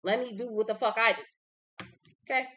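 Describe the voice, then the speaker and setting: A woman's voice: on the high side, fairly even intonation, moderate pace, bright, forceful tone, highs cut off. Blunt, profane woman reading tarot. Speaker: tarot reader. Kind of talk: casual tarot reading monologue.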